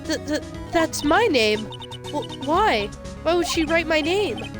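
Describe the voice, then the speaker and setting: A woman's voice: sing-song, slow pace, full character voice. A woman voicing a nervous, earnest young woman who stammers, over game music. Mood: startled. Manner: higher, stammering. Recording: video game music behind.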